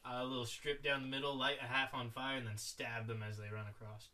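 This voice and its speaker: A young man co-hosting a podcast, wry and quick to react with disbelief in casual chat. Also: mid-range voice, little pitch movement, sharp tone, recorded from a distance. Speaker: podcast co-host. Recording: off-mic with faint noise.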